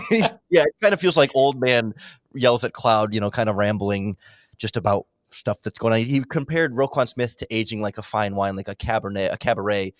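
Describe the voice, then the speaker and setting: A man in casual football analysis chat, talking in quick animated bursts as a podcast guest. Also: fairly low pitch, no room sound. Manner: animated, quick, breaks into mock impressions. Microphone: remote call microphone.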